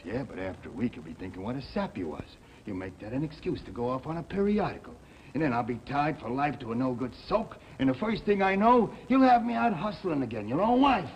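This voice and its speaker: A rough, defensive New bartender who grumbles in slang. His voice swings widely while he mimics other people's voices. Faint background hiss runs beneath it. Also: medium pitch, poor audio. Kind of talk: 1960 television drama acting.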